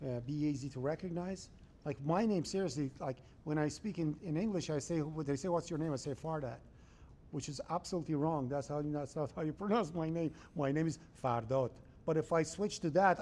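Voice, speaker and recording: Lecturing conversationally on programming, this male instructor frequently checks that his students are following. He has a high-pitched, slightly mellow voice, with a little background noise.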